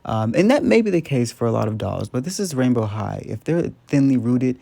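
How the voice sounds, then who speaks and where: A man's voice: mid-range voice, big pitch swings, a little fast, vocal fry, warm tone. A young man in casual voice-over, rambling chattily through a doll restyle with lots of ums and likes.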